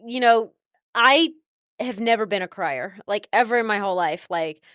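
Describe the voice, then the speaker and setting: A woman's voice: mid-range voice, moderate pace, fairly bright tone, no echo, studio quality. A woman chatting playfully and teasingly with her fiancé about their wedding. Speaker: vlog co-host, bride-to-be. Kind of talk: casual chat.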